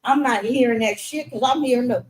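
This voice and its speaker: Animated, profane middle-aged woman storyteller. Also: fairly high pitch, brisk, rough recording. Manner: animated, profane, acts out the voices of the people in her story. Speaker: interview guest. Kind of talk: casual storytelling interview.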